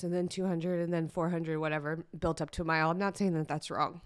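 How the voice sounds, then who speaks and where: A woman's voice: fairly low pitch, flat delivery, fairly quick, clear, resonant tone, no room sound, studio quality. A woman hosting a personal solo podcast, talking candidly and chattily, teary-eyed at times. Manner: candid, emotional, chatty with fillers. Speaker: podcast host.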